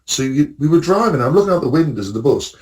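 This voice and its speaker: A man's voice: fairly high pitch, expressive, fast talker, a little mellow, far from the mic. A man telling rambling travel stories in casual podcast chat, laughing at his own jokes. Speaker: podcast co-host.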